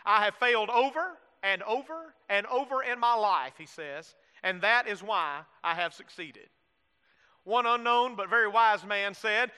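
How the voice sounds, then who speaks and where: Male pastor, middle-aged, high bright voice, sermon with congregation asides, long church reverb. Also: clean tone. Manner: preaching with call-and-response asides to the congregation.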